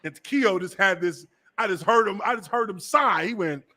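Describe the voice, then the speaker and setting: A man in his thirties who hosts a podcast and tells stories in a profane, animated way, acting out the voices he quotes. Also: high-pitched, moderate pace. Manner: profane, acts out quoted voices, laughs often. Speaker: podcast host and former NFL lineman. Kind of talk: animated storytelling, casual chat.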